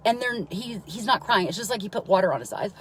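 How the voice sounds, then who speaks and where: A woman's voice: mid-range voice, animated, fast talker, slight background noise, rough recording. A mother telling a long, rambling personal story on a live stream, with frequent swearing and asides of "right?" to her listeners. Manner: keeps checking in with listeners by asking "right?".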